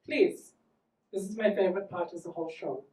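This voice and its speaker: A man's voice: high voice, huge pitch swings, fairly quick, mellow. A man voicing a sassy, sarcastic German male flight attendant with a German accent. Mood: campy. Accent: German, put on. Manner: campy, sarcastic. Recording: roomy theatre, from far off.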